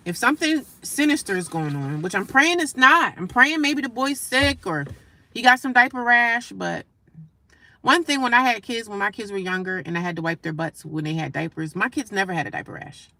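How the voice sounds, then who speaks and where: A woman livestreaming casual talk from her daily life, animated and emphatic, repeating her points and breaking off to greet passersby. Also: medium pitch, brisk, no echo. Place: homeless shelter area.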